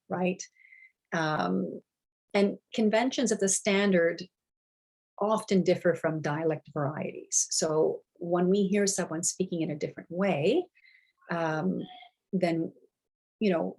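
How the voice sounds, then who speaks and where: A woman's voice: lowish voice, a little mellow, poor audio. A woman lecturing students in a conversational way, checking in often with "right?" and "okay?" and thinking aloud as she goes. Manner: many fillers and restarts while thinking aloud. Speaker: university lecturer. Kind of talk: recorded lecture.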